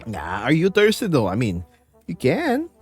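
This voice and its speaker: A man's voice: medium pitch, wildly swooping pitch, normal speed, darkish tone, soft background music. A man from the Philippines with a light Filipino accent, chatting playfully and rambling on a live stream from home. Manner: playful, rambling, reads chat aloud. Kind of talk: casual live-stream chat.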